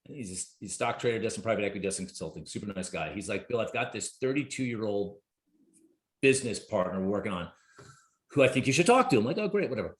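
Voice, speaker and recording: A man in his fifties, a guest on a talk show, telling stories and acting out the people in them with sudden high leaps in pitch. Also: animated, quick pace. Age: 50s. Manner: storytelling, acts out quoted dialogue with big pitch jumps. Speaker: guest, therapist and executive. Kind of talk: casual conversation. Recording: roomy echo.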